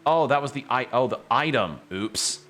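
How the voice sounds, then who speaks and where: A man's voice: medium pitch, lively intonation, moderate pace, a bit bright. A young man streaming a video game, musing aloud in casual commentary and sometimes reading game text in a dramatic voice. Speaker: gaming streamer. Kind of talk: casual let's-play commentary. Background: game music.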